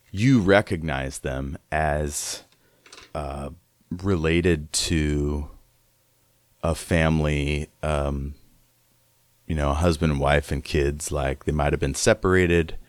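A man with a very low voice runs a tabletop game, describing scenes in a loose, rambling way full of restarts. The recording is dry and close, with no room sound. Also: dry recording. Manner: rambling, many fillers and restarts. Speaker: game master.

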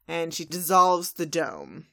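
A woman's voice: deep voice, very animated, a bit bright, no echo, clean studio sound. A woman co-hosting a podcast, casually recapping a cartoon episode in a chatty storytelling way. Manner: chatty storytelling, slips into quick character quotes. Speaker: podcast co-host.

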